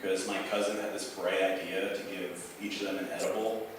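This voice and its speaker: A young comedian's profane, meandering open-mic story at a bar is heard from a distance in an echoey room, with slight background noise. He talks briskly in a low-pitched voice with a flat delivery, using plenty of fillers.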